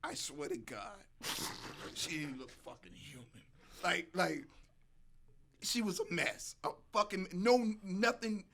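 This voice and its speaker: A man, hosting a podcast and telling a story in casual chat, animated and swearing freely while acting out dialogue. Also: high voice, takes it slowly, creaky, long pauses, slight background noise. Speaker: podcast host.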